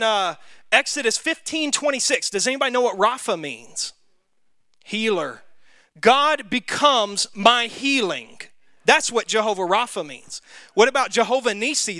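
Bright high-voiced Southern man teaching. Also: no room sound, studio quality. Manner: conversational, quizzes the group, self-deprecating. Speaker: Bible study teacher. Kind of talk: interactive Bible class teaching.

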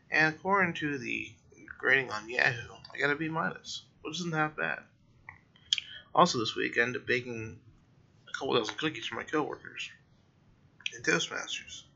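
A tired young man talks through his week on his own podcast, rambling and correcting himself. His voice is gravelly but bright and sharp. The recording is dull and lo-fi. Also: medium pitch. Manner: rambling, self-correcting, yawning late at night. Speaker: podcast host. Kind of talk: casual solo monologue.

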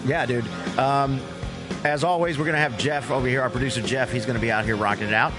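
A man's voice: mid-range voice, quick pace, over music. A man hosting a podcast in casual, teasing banter with his co-host.

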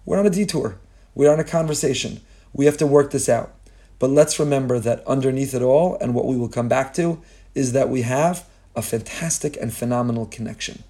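A man delivering a heartfelt sermon-style Torah lesson. His voice is mellow and warm, and it sits at an everyday middle pitch. He stacks phrase after phrase in rhetorical lists and slips in Hebrew phrases. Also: brisk. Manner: impassioned, repetitive rhetorical lists. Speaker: Torah teacher.

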